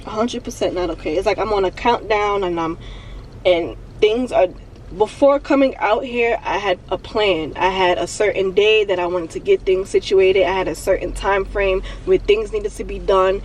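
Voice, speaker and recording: A young woman vlogging from her car, venting and on the verge of tears, talking in a halting way and repeating herself. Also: mid-range voice, far from the mic, a little hiss or hum, rough recording. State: emotional, near tears. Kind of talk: emotional confessional vlog. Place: parked car.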